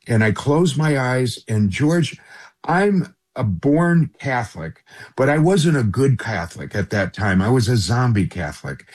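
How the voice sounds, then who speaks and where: A man's voice: mid-range voice, lively intonation, measured pace, slightly rough. A middle-aged man, a guest on a radio interview, earnestly telling a personal story and often addressing the host by name.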